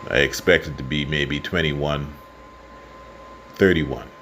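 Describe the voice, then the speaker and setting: A Bahamian man giving casual football commentary and predictions, passionate and quick to get worked up. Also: very deep voice, steady tone, creaky, slight background noise. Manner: passionate, gets worked up and loud. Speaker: sports fan vlogger.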